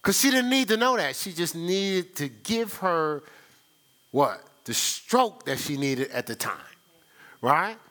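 A man's voice: on the high side, sing-song, slow, sharp tone. A middle-aged man preaching a sermon as pastor, conversational and teasing his congregation.

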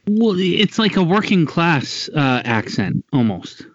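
Male host, animated and teasing, dry muffled call audio. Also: a little high, slow, no room sound. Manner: animated, teasing, self-mocking. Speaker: podcast host. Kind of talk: casual podcast chat.

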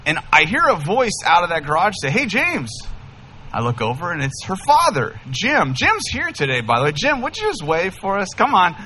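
A man in his thirties, a pastor, telling a humorous story in an animated, enthusiastic sermon. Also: sits high, brisk, few pauses, a little hiss or hum. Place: church sanctuary.

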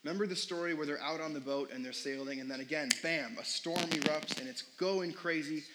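Slightly high-voiced casual young preacher man. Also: brisk, heavy background noise. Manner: casual, conversational preaching with fillers and questions to the congregation. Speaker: pastor. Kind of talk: sermon.

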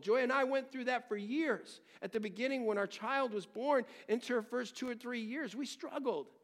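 A man's voice: sits high, vocal fry. A man preaching a sermon as a pastor, earnest and conversational, weaving in personal stories.

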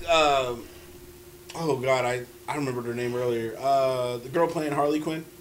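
A man's voice: medium pitch, moderate pace, slight background noise. A man co-hosting a casual chat, talking in an earnest, emphatic way with hesitant fillers.

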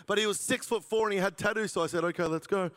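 A man tells his testimony from the pulpit, cracking jokes and laughing at his own lines. His voice sits fairly high, and long reverb trails each phrase through the hall. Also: fairly even intonation, fast, a bit bright. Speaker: preacher giving his testimony. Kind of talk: sermon testimony.

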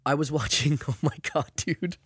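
A man's voice: a little high, normal speed, husky, dry recording, studio quality. A man co-hosting a casual podcast, rambling and swearing freely as he tells stories. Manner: animated, rambling, swears often. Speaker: podcast co-host.

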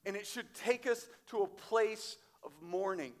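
A man preaching a sermon as pastor, emphatic, slowing down for quoted scripture. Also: sits high. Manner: emphatic, varies loudness widely, slows on quoted scripture. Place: church sanctuary.

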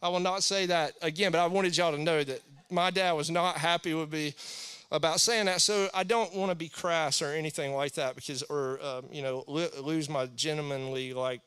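Bright, smooth-voiced chatty preacher man. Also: a little high, fairly even intonation, normal speed. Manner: chatty, rambling, jokey with acted asides. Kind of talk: casual sermon.

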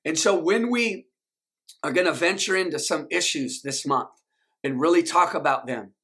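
A man's voice: a little high, normal speed, bright, forceful tone. A male pastor, preaching a sermon and leading the congregation in call-and-response.

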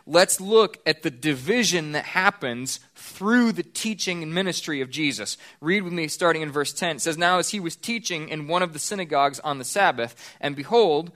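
Pastor guy preaching in church, kinda high voice, earnest, drags out the big points. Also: a bit bright. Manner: earnest, slows down to stress key points. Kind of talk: sermon.

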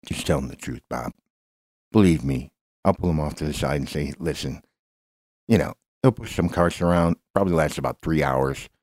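A man voicing a dry, teasing deadpan buddy who mumbles in an improvised comedy bit. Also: very deep voice, moderate pace, dry recording. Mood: wry.

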